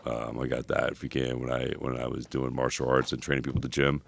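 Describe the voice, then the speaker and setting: A man co-hosting a podcast, telling rambling, animated stories full of filler words. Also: extremely low pitch, quick pace, gravelly. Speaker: podcast co-host. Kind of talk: casual storytelling chat.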